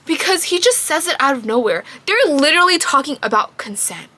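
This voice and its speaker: A woman giving a casual book review to camera, emphatic and quick to laugh. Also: high voice, big pitch swings, sharp tone, no echo.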